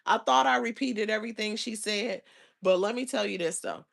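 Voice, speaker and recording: A woman hosting a casual livestream, chatting and rambling with her viewers in loose slang, now and then breaking into loud exasperated outbursts. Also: medium pitch, normal speed, creaky. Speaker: livestream host.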